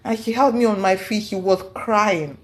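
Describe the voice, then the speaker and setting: A woman's voice: medium pitch, moderate pace. Woman animatedly retelling a personal story. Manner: animated, acts out quoted speech, repeats herself for emphasis. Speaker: guest recounting a personal story. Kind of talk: emotional storytelling.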